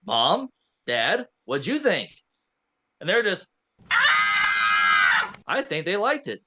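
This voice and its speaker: A man co-hosting a podcast in a studio, retelling a film with lively acted-out lines. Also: high voice, a little slow, shouting, heavy background noise. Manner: animated storytelling, acts out characters' lines. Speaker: podcast co-host. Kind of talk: casual movie recap chat.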